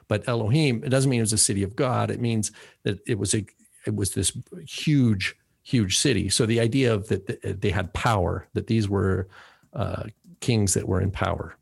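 A man co-hosts a theology podcast, talking through religious history in a casual, rambling way and often tacking "right?" onto his phrases. His voice is lowish, creaky and slightly rough, with a moderate pace.

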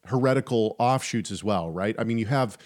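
A man co-hosting a casual faith podcast, talking in an animated, chatty way with frequent restarts and asides. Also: fairly low pitch, brisk. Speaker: podcast co-host.

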